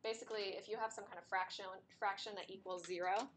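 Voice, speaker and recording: Losing her voice, which keeps cracking, a math teacher explains steps at the board and chats with her students. Her medium-pitched voice is steady in tone and quick, with background noise behind it.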